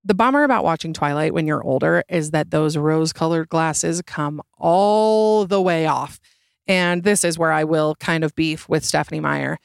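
A young woman hosting a solo podcast, talking in a sarcastic, exasperated way and jumping up in pitch for emphasis. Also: fairly quick, creaky, hardly any pauses, smooth, no echo, clean studio sound. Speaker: podcast host.

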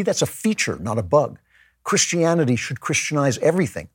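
A man's voice: medium pitch, a little mellow, breathy edge, no room sound, clean studio sound. A man hosting a podcast, speaking in a reflective, conversational monologue with frequent restarts. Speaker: podcast host.

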